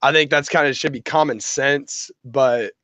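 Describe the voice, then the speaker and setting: A man hosting a casual crypto chat in a relaxed, rambling way, full of fillers. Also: medium pitch, moderate pace, no room sound. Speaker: podcast host.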